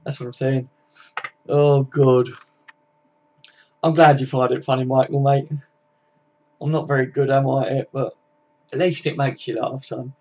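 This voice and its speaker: A man's voice: mid-range voice, little pitch movement, measured pace, long pauses, a little mellow, lo-fi sound. A man hosting a casual live stream, chatting laid-back with viewers, greeting them by name and swearing freely.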